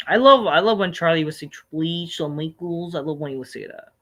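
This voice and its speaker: A man hosting a live stream, answering viewer questions in a rambling, profane, animated rant with sudden loud outbursts. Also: on the high side, quick pace.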